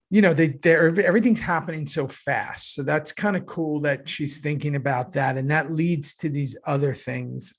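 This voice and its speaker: Gravelly middle-aged man, chatty podcast host. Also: fairly high pitch. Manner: animated, thinks aloud with many "right?" asides. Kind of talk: casual review chat.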